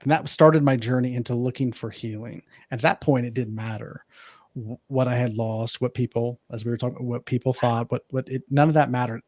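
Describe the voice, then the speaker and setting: A man's voice: mid-range voice, a little mellow, dry recording. Earnest man telling his story, dry sound. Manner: earnest, reflective, acts out remembered dialogue. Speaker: podcast guest, life coach. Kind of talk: personal storytelling in an interview.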